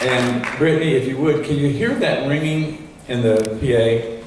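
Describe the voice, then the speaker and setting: A medium-pitched man talking at normal speed presents live at a sales training seminar, his voice fighting a noisy crowd and heavy background noise. Folksy and instructive, he speaks through a cordless handheld mic over a PA while directing the sound tech. The large, echoing hall is recorded from far off.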